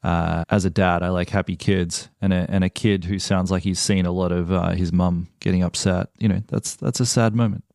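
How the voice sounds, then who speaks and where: A man hosting an interview podcast, reflecting on his guest's stories in a measured, thoughtful way. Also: low voice, little pitch movement, creaky, darkish tone, dry recording, clean studio sound. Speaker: podcast host. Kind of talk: conversational interview.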